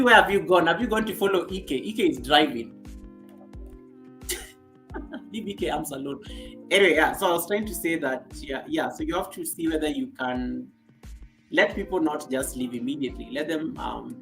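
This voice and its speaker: A woman's voice: low voice, a bit bright. A woman from Kenya with a Kenyan accent, hosting a casual live stream and chatting with viewers, laughing often and repeating herself.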